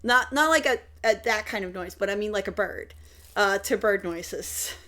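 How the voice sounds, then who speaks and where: A woman's voice: medium pitch, moderate pace, a bit bright. A woman narrating as game master over a voice call, chatty and laughing often.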